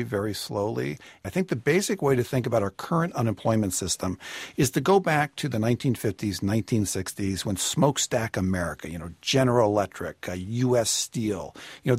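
A man on a radio call-in show, giving personal finance advice in a measured, explanatory way. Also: medium pitch, breathy edge, no echo. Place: radio studio.

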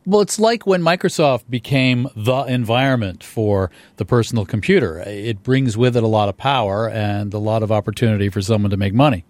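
A man anchoring a radio business news program, reading headlines briskly and chatting with a lightly wry touch. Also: on the low side, darkish tone, no echo. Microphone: studio microphone.

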